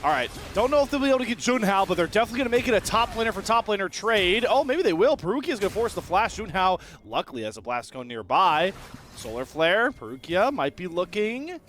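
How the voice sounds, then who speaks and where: A man giving excitable play-by-play commentary on an esports match. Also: high voice, slight background noise. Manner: excitable, quick shifts in energy. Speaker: esports caster.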